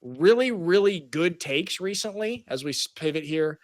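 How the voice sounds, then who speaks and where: A man co-hosting a sports podcast, chatting casually with animated, jokey asides. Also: on the high side, moderate pace, no room sound, studio quality. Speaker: podcast co-host.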